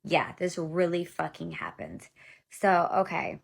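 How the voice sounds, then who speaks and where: A woman's voice: fairly low pitch, very animated, a little slow, creaky. A woman in her thirties telling her own story to viewers in a blunt, profane, exasperated way, talking straight to them. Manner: addresses viewers directly as y'all. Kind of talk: casual storytime monologue.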